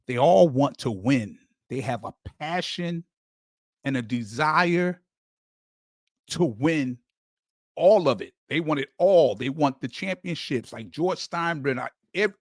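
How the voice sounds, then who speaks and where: A man with a fairly high voice hosts a sports channel, recorded in a clean studio with no room sound. His casual fan commentary is an emphatic, story-driven monologue that climbs to heated emphasis, marked by stammering restarts and repeated words.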